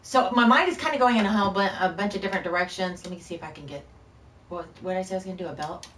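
A woman's voice: on the low side, rapid-fire, a bit bright, reverberant, far from the mic, slight background noise. A woman streaming a game live, chatting loosely with viewers in a scattered, rambling way, short on sleep. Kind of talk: casual live-stream chat while gaming.

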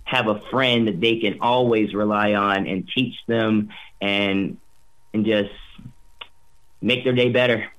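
A man's voice: fairly low pitch, steady tone, takes it slowly, long pauses, fairly bright tone, low-quality recording. A young man, a voice actor, chatting upbeat in an interview, rambling with lots of fillers and restarts. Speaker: voice actor guest. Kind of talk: casual interview chat.

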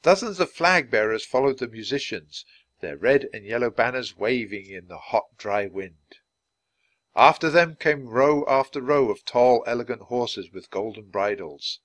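Man reading a children's book, animated. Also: medium pitch, no echo. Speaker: storybook reader.

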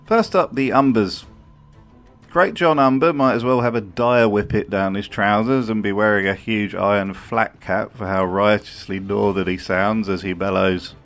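A man's voice: lowish voice, steady tone, moderate pace, hardly any pauses, a bit bright, faint music behind. A man giving a wry, sardonic voice-over commentary as a video host, swearing freely.

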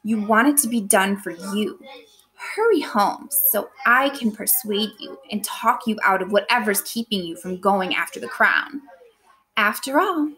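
A woman's voice: mid-range voice, animated, a little slow, pushed and bright, low-quality recording. A woman teacher voicing a scheming, ambitious noblewoman, reading dramatically with a put-on accent. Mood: persuasive.

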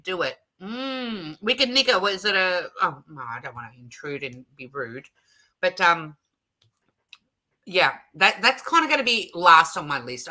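Her voice sits on the low side with a sharp tone. She's a middle-aged Australian woman hosting a relaxed live stream, chatting away and reading out viewer comments with frequent laughter.

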